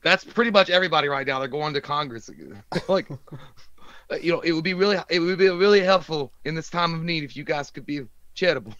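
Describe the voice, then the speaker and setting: Bright, chatty man on dull dry stream audio. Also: on the high side, fast, no echo. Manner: chatty, joking, profane, reads viewer messages aloud. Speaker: co-host of a live movie stream. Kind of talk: casual live-stream banter.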